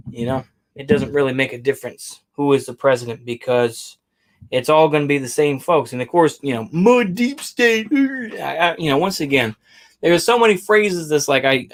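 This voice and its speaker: A man hosting his own channel who rants in a loose, rambling way, circling back with "you know, once again" and trailing off with sighs. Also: mid-range voice. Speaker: online host. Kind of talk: casual rant.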